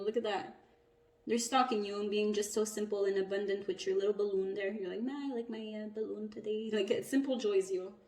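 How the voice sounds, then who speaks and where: A woman's voice: mid-range voice, a little mellow. Blunt, profane woman reading tarot. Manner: blunt, profane, chatty, laughing often. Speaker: tarot reader. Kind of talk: casual tarot reading monologue. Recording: echoey room, mic at a distance, faint noise.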